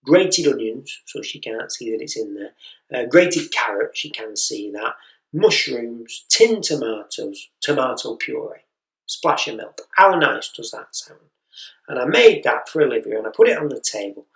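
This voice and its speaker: A man's voice: mid-range voice, very animated, a little slow, vocal fry, fairly bright tone. A man doing a stand-up routine, telling a story and acting out the voices of the people in it. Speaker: stand-up comedian. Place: comedy venue. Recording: echoey room, mic heard from a distance.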